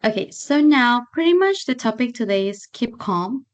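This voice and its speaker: At normal speed and in a fairly high, animated voice, a young Spanish-speaking woman teaches English online. She's chatty, laughs often, and sprinkles in fillers like "like" and "so."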